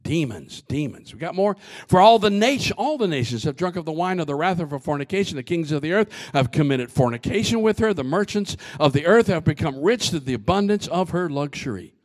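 A man preaching a sermon as pastor, swinging from shouted lines to hushed asides, often repeating and restarting his words. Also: fairly high pitch, lively intonation, a little fast.

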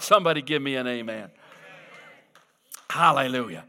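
A man preaching a sermon, reading scripture slowly and dramatically and calling out for amens from the congregation. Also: medium pitch, very animated, bright, forceful tone. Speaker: pastor.

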